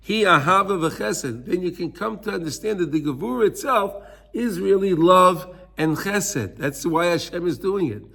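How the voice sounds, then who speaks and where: A man with a high, creaky voice and a sharp tone teaches a Torah class. He explains the texts earnestly, drops in Hebrew terms, and acts out little scenes in different voices.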